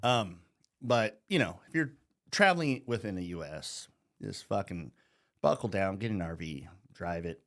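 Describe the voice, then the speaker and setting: A man's voice: sits low, animated, unhurried, a bit bright. A middle-aged American man ranting heatedly, mocking and swearing constantly. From United States. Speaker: vlogger. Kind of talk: profane political rant.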